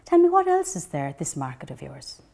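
A woman with an Irish accent voicing a curious, bossy female cat in a children's storybook reading, using a high, questioning voice. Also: huge pitch swings, brisk, gravelly, darkish tone, heavily acted. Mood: inquisitive.

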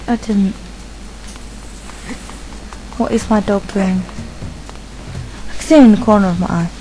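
A woman giving rambling casual commentary while playing a video game, chatting to her dog and reacting out loud. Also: mid-range voice, a little slow, a little hiss or hum, rough recording. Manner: excitable, yelps and squeals at the game. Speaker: let's play gamer.

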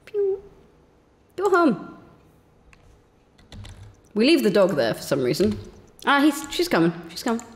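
A woman giving excitable, giggly commentary while playing a game on stream, talking to herself. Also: medium pitch, a little fast, in a large hall. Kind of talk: gameplay commentary.

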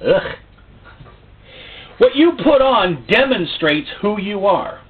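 A man's voice: high voice, sing-song, a little slow. A man preaching a sermon, theatrical, full of rhetorical questions. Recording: tinny phone-like sound.

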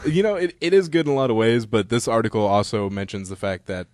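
A young man co-hosting a casual podcast, calmly explaining news and laughing often. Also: mid-range voice, fast talker, dry recording. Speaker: podcast co-host. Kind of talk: casual chat.

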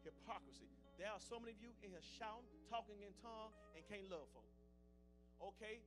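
A man preaching a fiery sermon as pastor, swinging between loud declarations and low, hushed asides. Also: fairly quick, over music.

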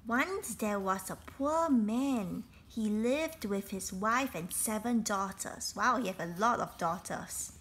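A woman reading a children's picture book aloud, slowly, stopping to explain things in simple words. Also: medium pitch, a bit bright, slight background noise. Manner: slow, explains words and events in simple asides. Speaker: storybook reader.

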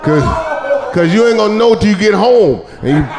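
A male stand-up comedian telling a profane story on stage, shouting his punchlines. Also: sits high, lively intonation, moderate pace, long reverb tail, crowd noise. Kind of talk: live stand-up set. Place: comedy club stage with audience laughter. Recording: live club recording with audience noise.

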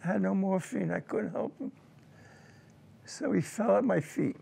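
Gravelly older veteran recalling war. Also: male voice, high voice, animated, mellow. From United States. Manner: emotional, halting recollection with repeated words. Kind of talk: personal war testimony.

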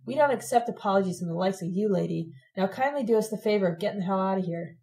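A woman's voice: medium pitch, quick pace, mellow, lightly acted. A woman voicing a brash, touchy young male gang leader who talks in swaggering street slang. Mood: curt, hostile.

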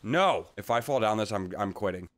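Excitable young man swearing at a game. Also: fairly low pitch, normal speed, dry recording. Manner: loud, excitable, heavy swearing, frustrated outbursts. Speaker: gaming YouTuber. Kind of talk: live reactions while playing a game.

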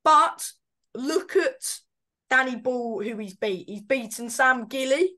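A woman with a fairly high voice chats casually as a boxing pundit. She talks loosely, with many fillers and restarts, and keeps correcting herself mid-sentence. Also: animated, slow, pushed and bright. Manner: chatty, hesitant, self-correcting. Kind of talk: casual fight predictions chat.

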